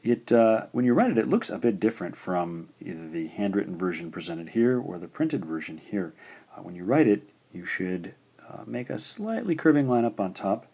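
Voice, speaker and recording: A man teaching beginner Japanese writing, explaining stroke order patiently and sounding out syllables slowly and deliberately. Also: on the low side, very animated, creaky, dark tone, breathy edge. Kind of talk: instructional explanation.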